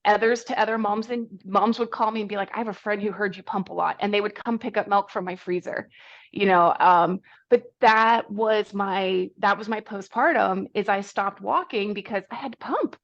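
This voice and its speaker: A woman's voice: medium pitch, moderate pace, muffled recording. A woman in her thirties, a guest on a running podcast, telling her own story candidly and with animation, acting out the people she quotes. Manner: animated, self-deprecating, acts out quoted people.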